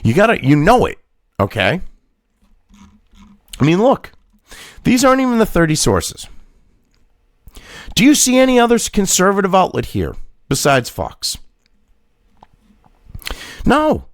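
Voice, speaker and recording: A man's voice: sits high, huge pitch swings, measured pace, long pauses, no echo, studio quality. A man, hosting a profane rant reacting to a news article, angry and mocking and swearing constantly. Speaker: political commentary host.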